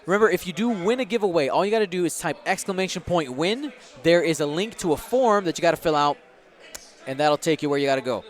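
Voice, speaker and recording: A man's voice: a little high, expressive, quick pace. A man hosting a game tournament livestream, chatting upbeat with viewers and running giveaways. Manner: upbeat, chatty, hypes the chat. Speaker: stream host and commentator.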